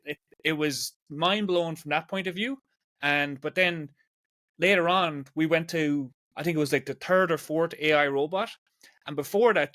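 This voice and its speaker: A man's voice: fairly high pitch, a bit bright, no room sound, clean studio sound. A man in his forties with an Irish accent, hosting a casual podcast conversation and rambling along with lots of "like" fillers. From Ireland. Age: 40s. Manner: rambling, chatty, peppers speech with "like". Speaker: podcast host.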